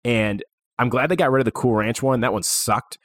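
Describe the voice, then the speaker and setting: A young man co-hosting a casual podcast, relaxed and joking. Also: mid-range voice, moderate pace, no room sound. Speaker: podcast co-host. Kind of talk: casual chat.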